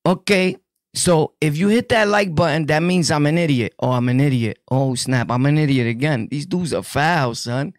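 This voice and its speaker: Gravelly, joking New York man. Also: a little high, normal speed, no echo, studio quality. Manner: joking, laughs often, heavy street slang. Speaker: podcaster telling prison stories. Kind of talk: casual storytelling to camera.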